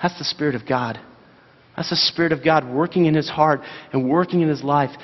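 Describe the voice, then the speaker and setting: A man's voice: fairly high pitch, brisk. A man preaching a sermon as pastor, earnest and asking his listeners direct questions. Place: church sanctuary. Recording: dull sound, long hall reverb.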